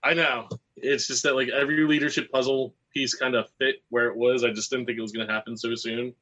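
Blunt panelist on a dull line. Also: male voice, medium pitch, little pitch movement, a little fast, sharp tone. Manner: blunt, opinionated, swears casually. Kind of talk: casual panel chat. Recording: dull lo-fi call audio.

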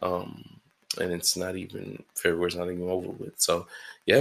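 A man with a low, creaky voice speaks at a normal speed in a level tone. He's a stand-up comedian doing his podcast solo from his apartment, sleepy and yawning in the early morning, and his casual monologue is rambling, full of swearing and self-deprecating.

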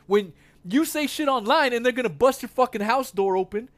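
A man's voice: very high voice, animated, fairly quick. A man joining a livestream as a friend, talking in indignant casual chat with lots of swearing and fillers. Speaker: guest on a livestream.

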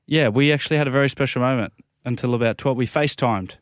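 A man co-hosting sports radio, deadpan and mock-serious. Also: medium pitch, quick pace, no echo, studio quality. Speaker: radio co-host. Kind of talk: deadpan banter.

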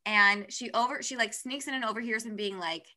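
A young woman co-hosting a casual book chat, retelling the plot in a relaxed way with many fillers. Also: fairly high pitch, a little fast.

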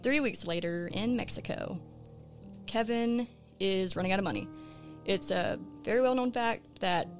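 A woman's voice: medium pitch, moderate pace, faint music behind. A woman hosting a podcast, recounting a case in casual, conversational storytelling with plenty of ums and uhs. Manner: relaxed, conversational, with frequent "um" and "uh". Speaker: true crime podcast host.

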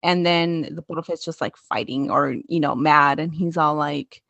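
A woman's voice: sits low, normal speed, vocal fry, few pauses, dry recording, dull audio. A woman co-hosting a podcast, casually recapping episodes and acting out the characters' lines. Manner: animated retelling, acts out characters' lines. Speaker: podcast co-host.

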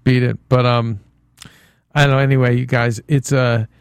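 A man's voice: mid-range voice, flat delivery, moderate pace, smooth, no echo. A man hosting a casual TV-talk podcast, rambling with frequent restarts. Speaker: podcast host. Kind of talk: casual chat.

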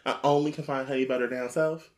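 Excitable podcast co-host in a roomy echo. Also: medium pitch, quick pace. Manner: excitable, chiming in, playful. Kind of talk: casual chat.

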